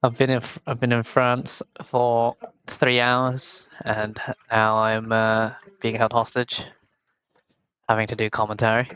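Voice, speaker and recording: Young man from the UK, slow rambling solo game commentary, smooth voice, dull lo-fi headset sound. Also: mid-range voice, flat delivery, fairly bright tone, dry recording. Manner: rambling, self-mocking, chatty. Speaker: tournament commentator.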